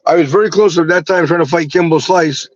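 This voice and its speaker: Halting man on dull remote audio. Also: fairly high pitch, no echo. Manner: halting, repeats words, stumbles. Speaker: bare-knuckle fighter guest. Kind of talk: casual interview talk.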